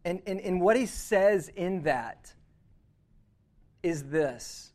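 A young man preaching a sermon as a youth pastor, acting out inner dialogue with God in a lively, conversational way. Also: high-pitched, takes it slowly.

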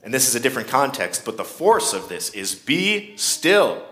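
Man preaching with lively pitch. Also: fast talker. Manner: conversational preaching with varied emphasis. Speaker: pastor. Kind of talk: sermon.

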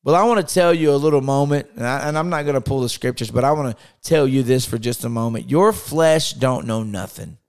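A man's voice: mid-range voice, fairly even intonation, quick pace, few pauses, darkish tone, clear, resonant tone. A man preaching a podcast sermon with impassioned rhetorical questions, acting out scripture quotes in his own voice.

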